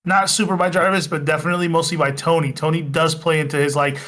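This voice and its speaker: Bright, excitable man on a podcast. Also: fairly high pitch, fast. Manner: animated, swears, jumps in to correct. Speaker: podcast co-host. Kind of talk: casual movie-recap chat.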